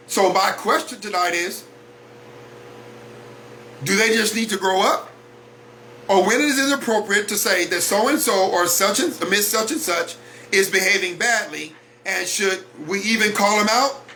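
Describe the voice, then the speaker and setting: Male host, high bright voice, blunt motivational monologue that keeps pressing the same questions. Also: a little slow, a little hiss or hum. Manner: blunt, preachy, repeats rhetorical questions. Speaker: host of a weekly talk broadcast.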